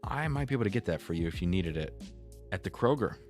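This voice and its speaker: A man's voice: low voice, expressive, quick pace, darkish tone, faint music behind. A young man hosting a casual live stream, chatty and reading viewer comments aloud. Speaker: livestream host.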